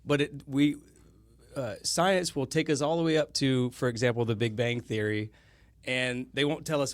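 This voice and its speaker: A man's voice: medium pitch, moderate pace, no room sound. A man speaking as a podcast guest in a casual chat, rambling and often stopping to correct himself. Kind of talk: casual conversation.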